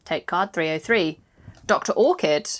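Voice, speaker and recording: A woman playing a board game with a friend, teasing and playful. Her voice is lively and swings up and down, and she hums short tunes while she moves her piece. The chat stays loose and cheerful. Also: fairly low pitch, moderate pace. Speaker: co-host.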